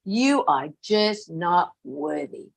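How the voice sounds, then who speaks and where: Woman with a lowish voice telling a really emotional personal story, heartfelt, repeats herself a lot, goes soft and hushed sometimes. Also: lively intonation, takes it slowly, vocal fry. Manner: earnest and heartfelt, with repeated phrases and soft laughs.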